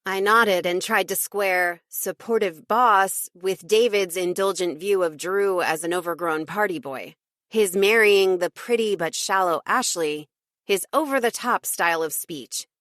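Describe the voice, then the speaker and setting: A woman narrating a cozy mystery audiobook in first person, with wry, lively storytelling. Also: mid-range voice, a little slow, dry recording, clean studio sound.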